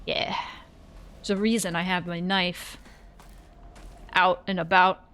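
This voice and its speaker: A woman streamer chatting casually during a horror game, telling rambling, animated stories and yelping at scares. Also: lowish voice, takes it slowly, clear, resonant tone. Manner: rambling, animated storytelling with sudden yelps. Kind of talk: casual live-stream chat.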